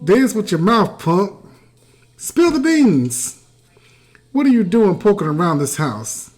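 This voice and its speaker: A player voicing a kid who is faking a gruff, menacing detective voice during an interrogation. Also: mid-range voice, very animated, takes it slowly, a little mellow, faint music behind. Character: kid acting as a gruff tough-guy detective.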